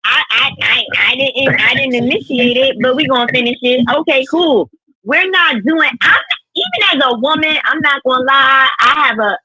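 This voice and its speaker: A woman on a podcast panel, talking in a brash, profane, animated way. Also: on the high side, husky, no echo, low-quality recording. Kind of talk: casual podcast chat.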